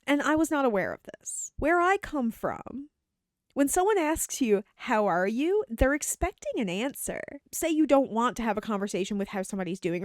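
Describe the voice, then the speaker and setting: A woman's voice: on the high side, a little mellow, no room sound, studio quality. A woman from Canada talking casually and animatedly, acting out the greetings she quotes. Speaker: host. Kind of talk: casual opinion talk.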